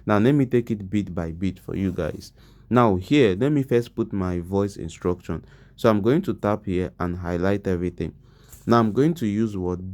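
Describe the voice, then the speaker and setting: A man, walking viewers through a software tutorial step by step and checking often that they follow along. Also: deep voice, moderate pace. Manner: explains step by step, asks viewers questions often. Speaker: tutorial host. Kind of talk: screen-recorded tutorial walkthrough.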